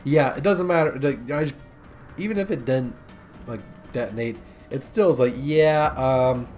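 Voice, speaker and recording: A man's voice: mid-range voice, moderate pace, darkish tone, faint music behind. A young man giving casual, rambling gameplay commentary with sarcastic jokes and asides. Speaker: gaming commentator.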